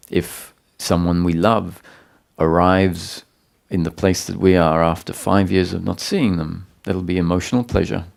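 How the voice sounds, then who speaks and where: A man giving a satsang talk as a spiritual teacher, explaining calmly with pauses and restarts. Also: low-pitched, creaky.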